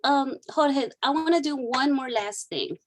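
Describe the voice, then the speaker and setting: A woman's voice: high voice, a little slow, slight background noise. A woman counselor guiding a client through a therapy exercise, repeating key phrases as she coaches. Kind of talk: counseling session role-play.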